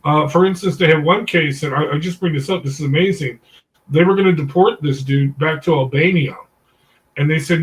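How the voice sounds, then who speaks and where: A man's voice: a little high, fairly quick, a little hiss or hum. A man leading a discussion group, telling a story in a rambling way, full of "um"s, stopping often to correct himself. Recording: voice distant from the mic.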